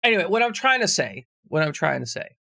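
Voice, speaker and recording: Gravelly rambling male streamer. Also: a little high, sing-song, quick pace, pushed and bright, dry recording, clean studio sound. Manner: rambling, jokey, swears freely. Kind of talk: casual chat with stream viewers.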